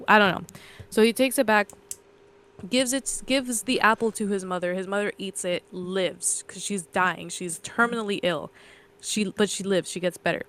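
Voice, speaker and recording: A woman's voice: mid-range voice, moderate pace, a bit bright. A woman co-hosting a podcast, casually retelling a story in a loose, rambling way with fillers and self-corrections. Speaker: podcast co-host.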